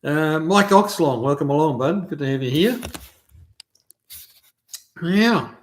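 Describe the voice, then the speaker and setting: A man's voice: fairly high pitch, animated, slow, slight background noise. A man hosting a casual livestream, greeting viewers by name and chatting loosely with plenty of ums and uhs. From New Zealand. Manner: chatty, friendly, lots of fillers. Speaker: livestream host. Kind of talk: casual live chat reading viewer comments.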